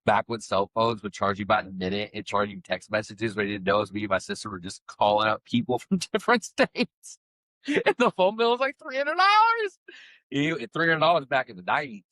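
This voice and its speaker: A man's voice: lowish voice, very animated, fairly quick, bright, forceful tone, dry recording. A middle-aged man co-hosting a podcast, telling stories in rambling casual chat full of fillers. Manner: rambling storyteller, many fillers. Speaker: podcast co-host.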